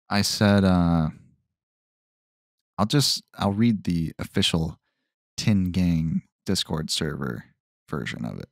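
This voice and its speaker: A man's voice: low voice, animated, slow, no room sound. A man hosting a solo podcast, rambling and stopping himself mid-thought, in a dry tone that sounds sarcastic. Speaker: podcast host.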